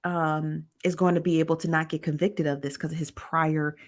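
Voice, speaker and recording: A woman's voice: sits low, level tone, normal speed. A woman hosting a casual live stream, reading viewer comments aloud and answering them. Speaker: host reading live chat.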